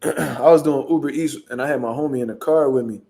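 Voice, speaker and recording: Profane, animated young man from Philly. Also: medium pitch, fast, vocal fry. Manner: profane, animated street storytelling with acted-out quotes. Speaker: show host. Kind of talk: casual storytelling.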